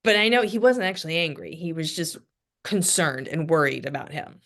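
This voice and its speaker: Woman, discussion leader on a video call, low-ish steady voice, even keel. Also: a little fast. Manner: even-tempered, many ums. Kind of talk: casual group discussion.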